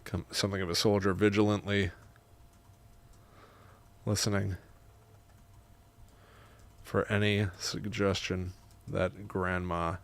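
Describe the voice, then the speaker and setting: A man writing a horror story live, dictating slowly and musing, then chatting with viewers. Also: low voice. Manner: slow, halting and musing; lively and chatty with his viewers.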